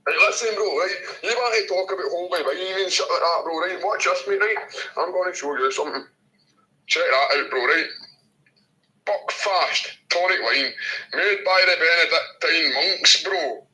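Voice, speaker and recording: A man with a Scottish accent in a casual video chat, talking loudly and crudely, taunting and swearing constantly. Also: sits high, a little fast, rough recording.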